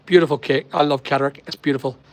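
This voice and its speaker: A man with a Northern Irish accent hosts a casual live stream, rambling as he reads viewer comments and greets people by name. His mid-range voice moves very fast with fairly even intonation, and there's no echo.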